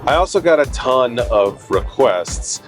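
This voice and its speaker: A man's voice: medium pitch, sing-song, a little slow, soft background music. A man vlogging casually about working as a DJ, telling stories in a chatty, self-deprecating way. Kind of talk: casual vlog talk to camera. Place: in a car and at a wedding venue.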